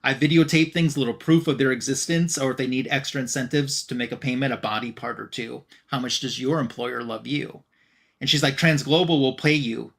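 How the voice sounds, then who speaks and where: A man co-hosting a fan podcast, recapping a comic book story in an easygoing, conversational way. He paraphrases characters' lines loosely, leaning on fillers and "he's like" as he goes. His voice sits at a middling pitch. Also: steady tone, fairly quick, vocal fry, a bit bright. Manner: retelling a comic plot with loose quoted dialogue, many fillers. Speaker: podcast co-host.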